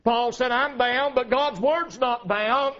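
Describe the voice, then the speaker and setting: High-pitched fervent preacher man. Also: takes it slowly, bright, forceful tone, muffled recording. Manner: fervent, rhythmic preaching with calls of amen. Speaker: traveling preacher. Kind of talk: revival sermon.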